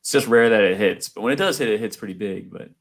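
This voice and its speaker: A man's voice: lowish voice, quick pace. A man co-hosting a casual sports podcast, enthusiastic and analytical, with many fillers. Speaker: podcast co-host.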